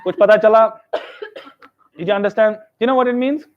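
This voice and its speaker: A higher-voiced man leads a classroom lesson, repeating words over and over and slipping in joking asides. The recording has a dull, slightly lo-fi sound. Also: very fast. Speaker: pronunciation teacher. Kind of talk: classroom teaching, mixing English and Hindi.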